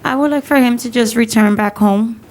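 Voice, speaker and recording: A woman in her thirties speaking softly as a witness in a courtroom. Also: on the high side, moderate pace, a little hiss or hum. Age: 30s. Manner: soft-spoken, plain. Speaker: witness at a bond hearing.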